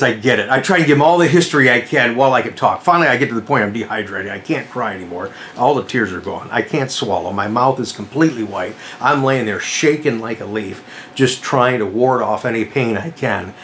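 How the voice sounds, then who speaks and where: A middle-aged man hosting his vlog and casually retelling a personal story in an animated, dramatic way. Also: mid-range voice, a little fast, a little hiss or hum. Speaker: vlog host.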